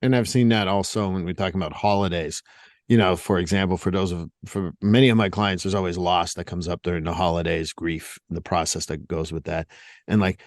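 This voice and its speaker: A man's voice: low voice, fairly even intonation, a little fast, no room sound, studio quality. A middle-aged man hosting a podcast, telling stories in a blunt, casual way and often repeating words. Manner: storytelling, blunt, repeats himself. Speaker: podcast host.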